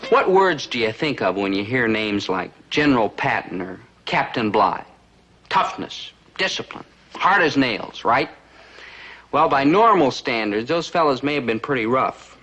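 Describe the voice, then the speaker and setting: An anxious young draftee. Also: male voice, mid-range voice, big pitch swings, unhurried, pushed and bright, full character voice. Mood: wary. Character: nervous young man facing the draft. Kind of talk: 1950s sitcom acting.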